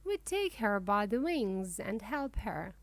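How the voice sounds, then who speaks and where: A woman narrating a children's book for English learners, reading slowly, clearly and expressively. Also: medium pitch, sing-song, dry recording. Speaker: audiobook narrator.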